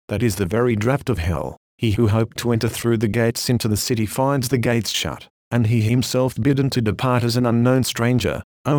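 A man's voice: medium pitch, a little mellow, no echo. Earnest man reading a sermon, dry sound. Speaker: preacher. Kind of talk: reading a Victorian sermon aloud.

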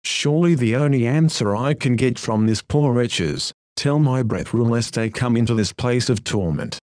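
A man delivers a sermon in a solemn, earnest and measured voice. His pitch sits in the middle for a man. The recording is dry, with no room echo. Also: a little mellow. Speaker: preacher. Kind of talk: read sermon.

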